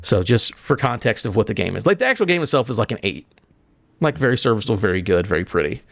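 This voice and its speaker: A man co-hosting a casual gaming podcast, telling stories in an excited, profane way and acting out what characters say. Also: on the low side, quick pace, vocal fry, no room sound. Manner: excited, profane storytelling with acted-out quotes. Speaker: podcast co-host.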